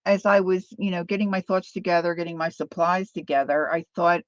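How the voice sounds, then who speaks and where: A woman's voice: on the low side, fairly even intonation, fairly quick, no echo, lo-fi sound. A woman chatting casually as she demonstrates a craft technique, thinking aloud while she works. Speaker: craft vlogger.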